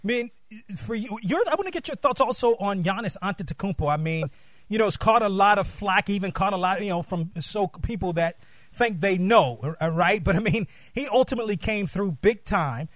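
A man's voice: high-pitched, expressive, fairly quick, dry recording, studio quality. A man hosting an interview show, asking long, rambling questions with enthusiasm. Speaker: show host.

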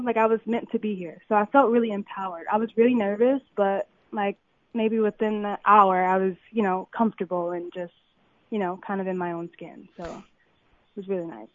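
A young woman from Compton, a model, telling stories excitedly with many fillers in an interview. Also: mid-range voice, dry recording. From Compton, California. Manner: excited, filler-heavy storytelling. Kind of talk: phone interview, casual storytelling. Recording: tinny phone line.

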